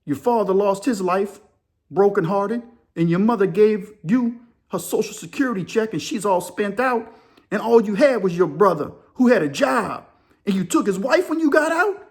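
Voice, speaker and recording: A man's voice: high voice, animated, moderate pace. A man hosting a crime and prison storytelling channel, talking casually in street slang and pressing his points with pointed rhetorical questions.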